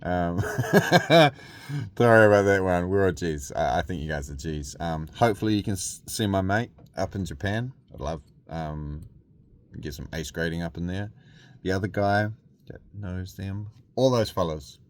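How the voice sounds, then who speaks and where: Deep-voiced rambling streamer. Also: male voice, expressive, a little slow, no echo. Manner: rambling, with frequent filler words and laughter; outspoken, with friendly slang. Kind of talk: casual chat.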